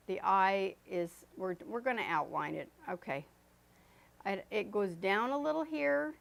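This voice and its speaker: A woman's voice: mid-range voice, fairly bright tone. A woman teaching an oil painting lesson as she paints, chatty and loose, with fillers and self-corrections. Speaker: art instructor. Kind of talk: painting demonstration.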